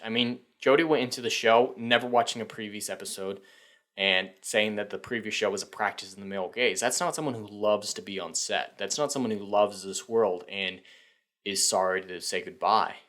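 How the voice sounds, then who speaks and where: A man's voice: fairly low pitch, sharp tone. A man hosting a fan news channel, giving sarcastic, profane, opinionated commentary.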